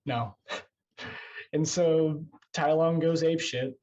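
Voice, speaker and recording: A man's voice: medium pitch, steady tone, normal speed, a little mellow, a little hiss or hum. Rambling male podcast host, muffled call audio. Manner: rambling, self-deprecating, swears casually. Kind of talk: casual podcast chat. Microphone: video call.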